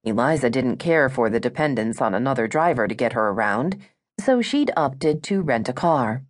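A woman narrating a romance audiobook in a smooth, measured storytelling manner. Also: extremely low pitch, expressive.

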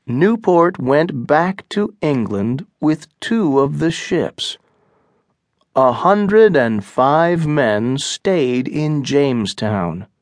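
Give me a man narrating an audiobook, slow and clear, recorded dry. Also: fairly high pitch, a little mellow, no room sound. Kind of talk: scripted narration.

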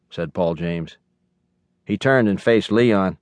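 A man reading a children's novel aloud as the audiobook narrator, in a measured storytelling manner, recorded close on a studio mic. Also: deep voice, dry recording. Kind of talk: scripted narration.

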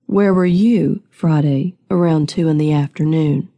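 A woman voicing a stern, blunt male acting constable who talks low and measured. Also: creaky, dark tone, heavily acted. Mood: questioning.

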